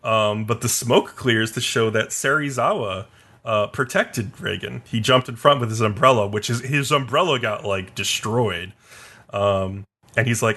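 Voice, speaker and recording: A man's voice: mid-range voice, moderate pace, sharp tone. A man co-hosting an anime podcast, retelling an episode loosely with lots of fillers and laughs. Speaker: podcast co-host. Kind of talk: casual anime recap chat.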